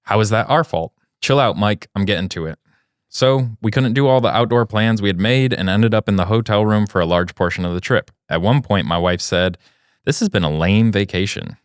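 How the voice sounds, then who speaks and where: Low smooth-voiced guy reading a listener letter on a podcast, dry and close. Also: brisk, dry recording. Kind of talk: reading a listener letter aloud, casual banter.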